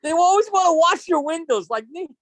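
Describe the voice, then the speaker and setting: Rambling New co-host telling stories. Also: male voice, very high-pitched, expressive, brisk, fairly bright tone, no echo. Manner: rambling, profane storytelling. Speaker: guest co-host. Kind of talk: casual chat.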